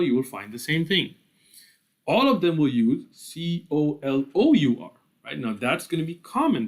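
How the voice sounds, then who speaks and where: A man giving a lecture on Islamic studies, explaining step by step, often asking "right?" and using fillers. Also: mid-range voice. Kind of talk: lecture with slides.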